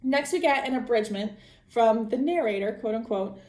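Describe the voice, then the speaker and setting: A fairly high-voiced woman hosts a podcast and recaps a book in loose, chatty storytelling, tripping over her words and restarting often. Her voice bounces around a roomy, echoing space. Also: lively intonation, normal speed, darkish tone. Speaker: podcast host.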